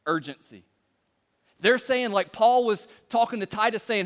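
A pastor in his thirties preaches in a loose, joking way, scattering fillers through his stories. His voice sits high for a man, and a long hall reverb trails every phrase. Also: expressive, unhurried, a bit bright. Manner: casual, joking, many "like"s. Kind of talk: sermon.

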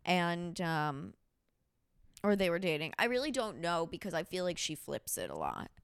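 A woman hosting a casual podcast, telling a story in a blunt, profane, animated way. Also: on the low side, normal speed, clear, resonant tone, no echo, studio quality. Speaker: podcast host.

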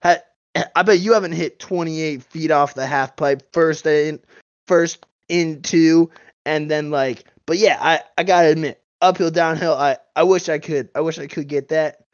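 A man playing a cocky bro skier, smooth-voiced. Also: on the high side, steady tone, normal speed, no room sound, highs cut off, lightly acted. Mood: boastful. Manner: slangy surfer-bro drawl, boastful. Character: dim-witted cocky young male bro skier. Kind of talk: improv comedy character.

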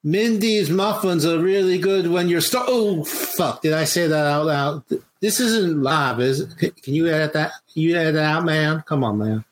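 A man's voice: a little high, moderate pace, slight background noise, close to an everyday voice. A man putting on a slurring, drawling Southern male wrestler as a comedy impression on a podcast. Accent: Southern US put-on.

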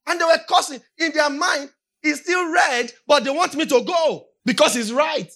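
A Nigerian woman with a Nigerian accent preaching a sermon, repeating her points and building up to shouts. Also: sits high, expressive, normal speed.

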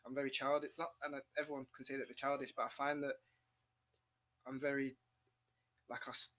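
Young man, podcast guest, fast, bright and emotional, swears casually. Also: mid-range voice. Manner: emotional, swearing, quick and animated.

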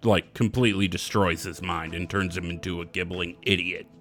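A man hosts a loose gaming podcast in a bright, forward voice. He rambles and swears casually, chasing tangents mid-thought. Faint music plays underneath. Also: sits low, fairly even intonation, moderate pace, vocal fry. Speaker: podcast co-host.

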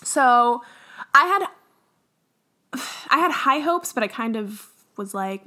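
A woman's voice: fairly high pitch, expressive, very slow, pauses often, pushed and bright. A young woman co-hosting a podcast, chatting casually with lots of fillers and giggles. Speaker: podcast co-host. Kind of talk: casual chat.

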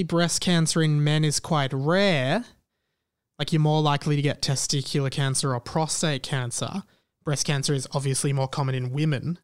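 A young man hosts a casual podcast, rambling through a personal story and playing out both sides of the conversations. His voice sits a little high and sounds smooth and clear. The close mic gives a dry sound with no room around it. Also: no echo. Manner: rambling, self-deprecating, animated retelling with quoted dialogue. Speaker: podcast host.

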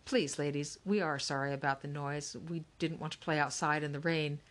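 An earnest, slightly awkward father, as a woman reader does him, eager to please and apologizing politely. The voice stays on the low side, and it is read aloud as a storybook. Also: steady tone, moderate pace, fairly bright tone. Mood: apologetic. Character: fussy middle-aged father eager to please.

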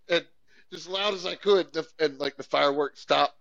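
A man's voice: on the high side, fairly even intonation, moderate pace, gravelly, fairly bright tone. A young man, rambling through profane, laid-back stories as a podcast co-host. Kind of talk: casual chat. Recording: dull lo-fi sound.

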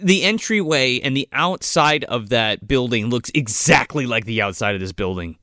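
A man's voice: mid-range voice, normal speed, no echo, studio quality. A man co-hosting a podcast, recapping a movie in casual chat, cursing freely and acting out the characters. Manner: animated, profane, acts out characters in silly voices. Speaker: podcast co-host.

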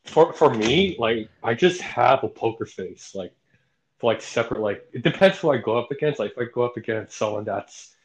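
A man's voice: medium pitch, expressive, moderate pace, rough recording. A young man co-hosting a casual podcast, talking loosely and packing his sentences with fillers. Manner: filler-heavy, says like a lot. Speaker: podcast co-host. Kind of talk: casual chat.

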